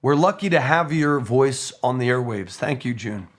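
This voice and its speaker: A man hosting a call-in radio show, chatting casually and reading listener messages, his voice hoarse. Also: medium pitch, animated, moderate pace.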